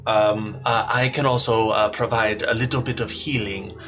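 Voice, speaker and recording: A man's voice: lowish voice, fairly even intonation, normal speed, a bit bright, lightly acted. A man voicing a nervous young male healer in a put-on Irish accent, stammering and hesitant, with music behind.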